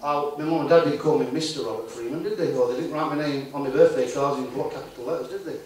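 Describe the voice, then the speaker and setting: Speaking fast in a fairly high, slightly mellow voice, a man gives a chatty conference talk and throws tag questions at the crowd. The recording comes from a very echoey hall with the mic well away from him.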